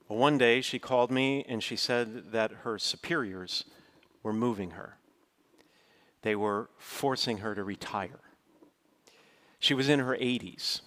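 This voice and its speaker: A man's voice: lowish voice, a bit bright. Middle-aged guy preaching, earnest storytelling, voice shoots up when he quotes himself. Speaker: pastor. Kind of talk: sermon storytelling.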